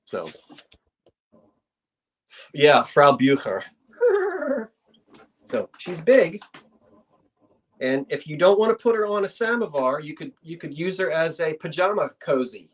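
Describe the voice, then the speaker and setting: Chatty woman with a lively, swooping voice. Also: low voice, a little slow, long pauses. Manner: chatty, rambling, full of asides. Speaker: live sale host. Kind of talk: casual live auction chat.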